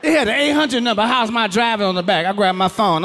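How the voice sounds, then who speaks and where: Loud profane stand-up comedian yelling punchlines. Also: male voice, very high-pitched, animated, fast talker, vocal fry, few pauses. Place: comedy stage before a live audience. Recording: live crowd, noisy hall.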